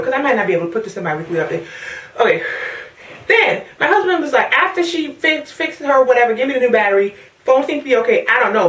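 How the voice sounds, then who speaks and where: Sassy, animated woman ranting in an echoey room. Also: fairly high pitch, recorded from a distance. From Caribbean. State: pregnant. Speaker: vlogger. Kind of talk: casual rant to camera. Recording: echoey, from off the mic.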